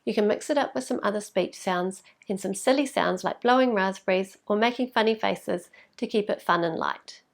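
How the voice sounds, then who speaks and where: A woman, a speech therapist explaining to parents how to teach a sound, patient and clear, modelling sounds slowly. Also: medium pitch.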